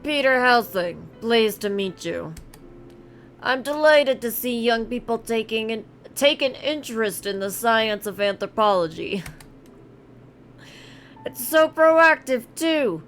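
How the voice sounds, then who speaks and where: A woman's voice: a little high, fairly bright tone, voice pushed up. A woman voicing a short, affable male anthropology professor in a bad put-on Boston accent.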